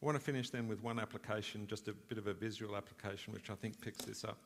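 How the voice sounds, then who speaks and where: A man's voice: fairly low pitch, steady tone, fast talker, in a large hall, a little hiss or hum. A man preaching a sermon in an earnest way, asking rhetorical questions and swelling for emphasis.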